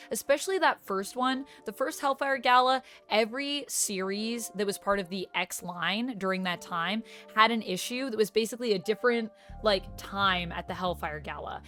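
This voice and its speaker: A woman's voice: on the high side, pushed and bright. A woman YouTuber chatting casually in a reaction vlog, gushing as a self-described fan.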